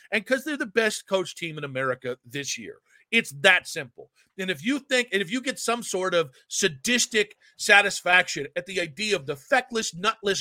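A man co-hosting a sports talk show, ranting with fiery, sarcastic opinions. His tone is bright and forceful, a little higher than most men. The sound is dry and close, with no room around it. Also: no echo. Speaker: sports radio co-host.

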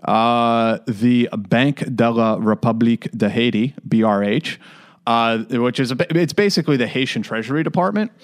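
A man's voice: medium pitch, smooth. A man from the United States talking through a story in casual podcast chat, with frequent fillers and restarts. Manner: conversational, many fillers and restarts.

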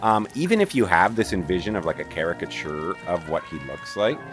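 Deep-voiced opinionated man on a podcast. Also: lively intonation, fairly quick, music in the background. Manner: opinionated, trailing restarts. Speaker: podcast co-host. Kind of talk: casual TV recap chat.

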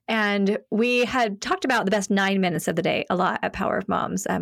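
A woman's voice: medium pitch, gravelly, no echo, clean studio sound. Chatty woman telling family stories. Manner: warm storytelling, laughs often, acts out quotes. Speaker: podcast guest, author. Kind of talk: casual chat.

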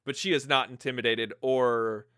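A man co-hosting a podcast, chatting casually and brainstorming ideas out loud. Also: medium pitch, steady tone, normal speed, clean tone, no room sound, studio quality. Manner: brainstorming, acts out scenes in quoted voices. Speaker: podcast co-host. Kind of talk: casual fan chat.

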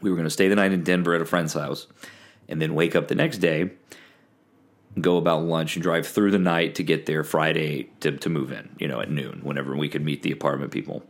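A man's voice: very deep voice, fairly even intonation, a little fast, vocal fry. A young man from East Texas guest-hosting a podcast, telling a road trip story in a wry, rambling way with lots of ums and restarts, close on the mic. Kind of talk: casual solo storytelling. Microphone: close podcast microphone.

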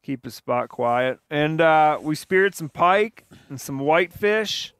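A man on a podcast recapping a fishing trip in casual chat, hesitant with lots of pauses. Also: a little high, expressive, a bit bright, clean tone, no echo. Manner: hesitant, many fillers. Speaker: podcast guest.

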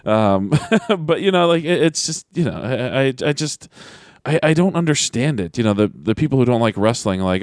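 Male podcast co-host, pro wrestler, lively swooping delivery, dry close sound, brash and sarcastic. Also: mid-range voice, a little fast, no echo. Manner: animated, mocking, swears freely. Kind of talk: casual podcast chat.

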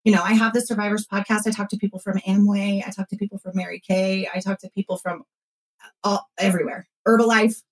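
A woman in her thirties who hosts a podcast, talking casually in an animated way and acting out what others said. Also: mid-range voice, fast talker, rough recording. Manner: animated storytelling, acts out quotes, frequent fillers. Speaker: podcast host and former consultant. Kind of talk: casual conversational interview.

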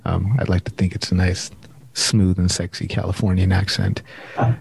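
A man hosting an online happy hour over a video call, chatting in a relaxed way and calling people "man". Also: sits low, normal speed, vocal fry. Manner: laid-back, chatty, says "man" often. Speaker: host. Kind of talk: casual chat.

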